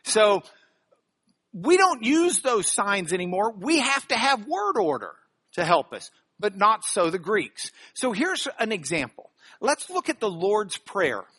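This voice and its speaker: Before a live audience, a bible teacher with a husky yet bright and forceful voice explains his points one step at a time. His lively, swinging pitch is punctuated by quick rhetorical questions to check in.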